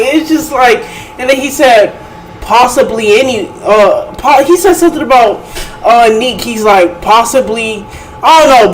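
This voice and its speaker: A man's voice: sits high, slight background noise, rough recording. A man hosting a reaction channel, talking in a casual, incredulous and mocking way, full of slang.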